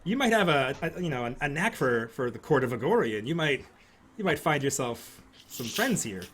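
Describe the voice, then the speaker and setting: A man's voice: medium pitch, very animated, moderate pace, a bit bright, a little hiss or hum. A man voicing a bored, scheming aristocratic widow who runs an inn, stammering over her words. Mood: delighted.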